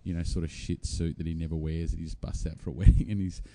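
A man with a low, very dark voice chats casually about gigs. He rambles from one anecdote to the next, breaking into laughter mid-sentence. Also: little pitch movement, quick pace. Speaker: musician guest. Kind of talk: casual chat.

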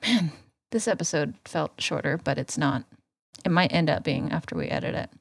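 A woman's voice: low-pitched, sing-song, moderate pace, vocal fry, breathy edge, no room sound, clean studio sound. A woman co-hosting a podcast in casual chat, giggly and rambling, a bit tipsy. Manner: giggly, rambling, lots of laughs. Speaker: podcast co-host.

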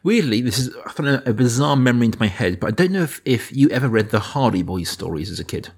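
A man's voice: mid-range voice, fast talker, husky. A man in his thirties chatting on a podcast, telling stories with hesitant restarts. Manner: animated storytelling with hesitant restarts. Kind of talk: casual chat.

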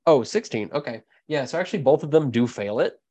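A man's voice: medium pitch, expressive, brisk, darkish tone, dry recording. A man narrating as game master of a tabletop game, casual and rambling with fillers. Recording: dull dry lo-fi mic.

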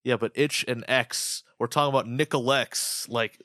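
A man's voice: medium pitch, fairly even intonation, fairly bright tone, dry recording, studio quality. A man telling crude, joking stories in casual chat with a co-host. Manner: crude, joking, fast storytelling. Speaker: podcast co-host.

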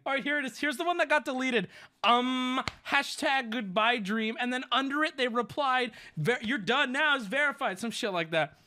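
Animated, bright-voiced male streamer. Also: sits high. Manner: animated, profane, sarcastic storytelling. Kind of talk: casual commentary.

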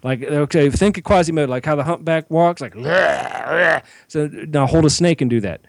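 A man co-hosting a podcast, spinning a story full of swearing and acted-out yelps. His voice sits a bit high. The sound is dry and close, with no room in it. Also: fast, no echo. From Georgia, US. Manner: animated, swears constantly, acts out his own shouts. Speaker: podcast co-host. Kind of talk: profane comic storytelling.

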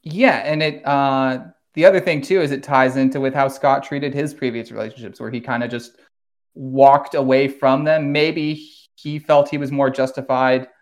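A man in casual podcast talk, recapping plot points with quick enthusiasm and easy laughs. His voice sits in a middle register and he drops the odd curse word when something excites him. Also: medium pitch. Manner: animated recapper, swears, laughs often. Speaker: podcast host.

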